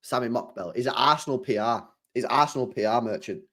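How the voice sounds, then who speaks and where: Exasperated young football streamer. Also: male voice, medium pitch, fast, a bit bright. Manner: exasperated, swearing, laughing, slangy. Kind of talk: casual stream chat.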